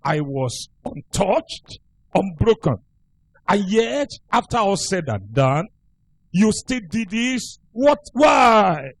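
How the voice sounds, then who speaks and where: A man's voice: high voice, very animated, takes it slowly, creaky, no echo, heavily acted. A man preaching who voices a wounded wife reproaching her husband in an indignant tone. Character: hurt, betrayed wife refusing to forgive.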